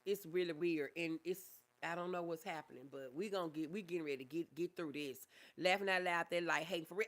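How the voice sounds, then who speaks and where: A woman's voice: on the low side, fast talker, hardly any pauses, a bit bright. A woman, a therapist hosting a casual livestream, reading viewer comments aloud and calling them baby. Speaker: livestream host, mental health therapist.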